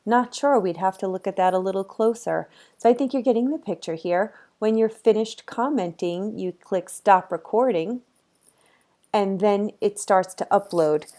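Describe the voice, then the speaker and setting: A woman instructor talks her students through a software tutorial in a relaxed, chatty way, dropping plenty of ums as she clicks along. Her voice sits at an ordinary middle pitch for a woman, picked up on a plain computer microphone. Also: normal speed. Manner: chatty and easygoing, with frequent ums. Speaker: college course instructor. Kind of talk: casual screen-recorded software tutorial.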